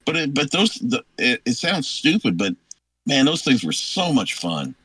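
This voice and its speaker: A man on a sports radio show as a guest, telling old stories in a rambling, halting way. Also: medium pitch, very animated, a bit bright, slightly rough, dry recording, poor audio. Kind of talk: casual chat, recruiting stories.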